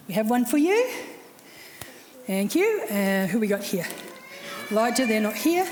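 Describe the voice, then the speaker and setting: A woman leading a children's program in a church, speaking in a casual, chatty way and coaxing the kids by name. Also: fairly high pitch. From Australia. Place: large church hall. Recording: echoey church hall, faint music.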